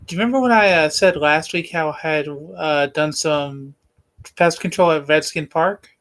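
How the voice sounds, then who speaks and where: A man co-hosting a sports podcast, explaining calmly in casual chat. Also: on the high side, moderate pace. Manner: calm explainer with many short backchannels.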